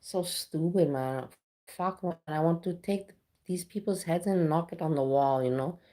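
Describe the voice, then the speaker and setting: A woman's voice: sits low, normal speed, dark tone. A woman chatting casually on a live stream, talking straight to her viewers and swearing bluntly when she rants. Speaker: livestreamer.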